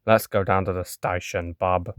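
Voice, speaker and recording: A man's voice: low-pitched, fairly even intonation, normal speed, clear, resonant tone, no echo, studio quality, lightly acted. A man voicing a stern comic-strip police officer who arrests people for farting. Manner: stern, tough-cop talk.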